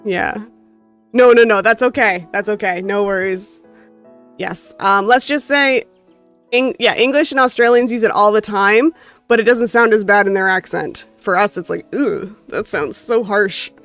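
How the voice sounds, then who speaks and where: A woman with a North American accent is streaming a game, reading the visual novel's story text aloud expressively and stopping now and then for casual asides to her chat. Her mid-range voice moves at a moderate pace with a slightly bright quality, and soft music plays in the background.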